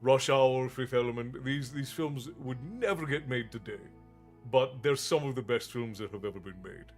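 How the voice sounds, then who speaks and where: Middle-aged male streamer, from Newfoundland, Americanized accent with hints of Newfie, casual and halting, average pitch, light music behind. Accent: Americanized with Newfoundland traces. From Newfoundland, Canada. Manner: pauses to think, frequent restarts. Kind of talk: casual chat with live chat.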